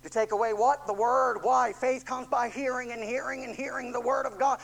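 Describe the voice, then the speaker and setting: Impassioned preacher swinging hushed to shouting. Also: mid-range voice, steady tone, brisk, gravelly, hardly any pauses, poor audio. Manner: emphatic repetition and rhetorical questions. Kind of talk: sermon.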